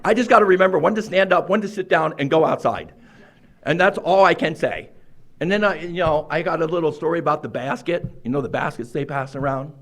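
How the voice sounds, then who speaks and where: High-voiced man telling a funny recovery story. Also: fairly bright tone. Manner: wry storyteller, self-mocking, laughs often. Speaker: recovery meeting speaker. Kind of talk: humorous personal recovery story. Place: meeting room.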